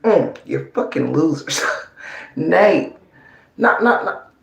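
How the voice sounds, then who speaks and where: Mocking profane ranter, gravelly voice. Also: medium pitch, lively intonation, slow pace, very noisy. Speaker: online commentator. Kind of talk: ranting livestream commentary. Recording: roomy echo.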